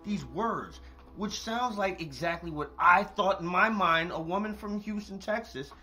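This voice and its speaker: A man's voice: high-pitched, unhurried, sharp tone, soft background music. A man hosting a late-night monologue, talking straight to his listeners, swearing freely, laughing often and repeating points for emphasis. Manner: talks to listeners directly, repeats himself for emphasis. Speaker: podcast host. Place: at home, eating with a cat nearby.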